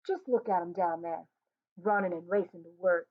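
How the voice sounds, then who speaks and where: A woman's voice: fairly low pitch, moderate pace, lightly acted. A woman voicing a restless young husband who teases and needles his wife. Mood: wry. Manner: wry, needling. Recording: tinny phone-like sound.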